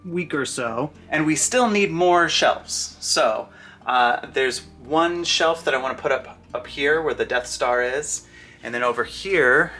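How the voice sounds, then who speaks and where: A man hosting a family vlog, explaining a home project in a relaxed, chatty way with small restarts. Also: a little high, unhurried, faint music behind. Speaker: father, vlog host.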